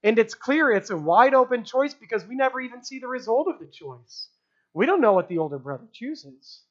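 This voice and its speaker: A man preaching a sermon to a live congregation, conversational, often asking "right?" and dropping to a hushed voice for emphasis. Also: very high-pitched, sing-song, brisk. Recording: dull lo-fi sound.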